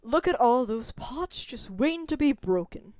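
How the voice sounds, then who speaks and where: A woman's voice: on the high side, lively intonation, unhurried, a little mellow, no room sound. A young woman voicing a chirpy young male guide with a put-on Southern drawl. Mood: chipper.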